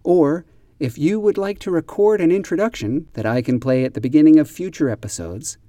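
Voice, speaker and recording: A man hosting an English-learning podcast, explaining a phrase slowly and carefully, spelling out words and stressing them deliberately. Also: a little high, mellow, no echo, studio quality. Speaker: podcast host and English teacher. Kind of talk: slow, careful teaching explanation.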